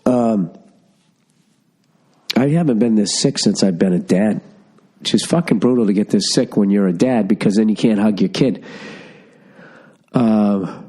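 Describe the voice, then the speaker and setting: Husky and mid-range, the voice belongs to a middle-aged Massachusetts man whose cold leaves him stuffy. He hosts a solo podcast, where he delivers a foul-mouthed rant full of stories and animated side comments into a studio podcast mic.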